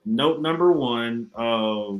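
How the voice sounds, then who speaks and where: A man's voice: medium pitch, slow, low-quality recording. A man co-hosting a podcast in casual, teasing chat, laughing often. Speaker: podcast co-host. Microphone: streaming call mic.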